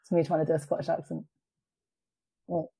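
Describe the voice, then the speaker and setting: A woman's voice: deep voice, flat delivery, fairly quick, mellow, breathy edge. A woman co-hosting a podcast, bluntly chatting, swearing freely and laughing often. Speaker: podcast co-host. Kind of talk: casual chat.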